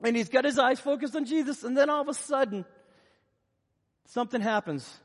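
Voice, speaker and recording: A man delivering a sermon and retelling Bible scenes with animated storytelling. His voice sits high and has a husky edge. The sound rings with the long reverb of a large hall. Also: a little fast. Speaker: preacher.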